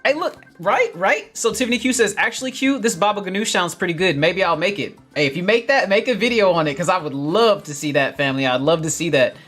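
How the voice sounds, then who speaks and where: A man hosting a casual gardening livestream, reading viewer comments with energetic, upbeat chatter, often laughing and calling his viewers family. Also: high voice, fast, few pauses, faint music behind.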